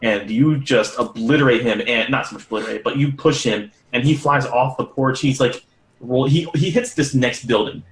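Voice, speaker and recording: Casual profane game master, echoey room. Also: male voice, mid-range voice, moderate pace. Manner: casual, profane, laughing narration. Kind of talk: narrating a tabletop game.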